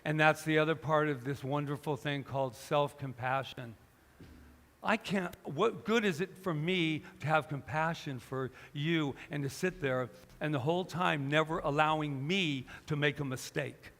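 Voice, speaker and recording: Man, pastor, sermon, higher voice, storytelling, reverberant hall. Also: moderate pace, a bit bright. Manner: storytelling, acting out both sides of a conversation. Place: church hall.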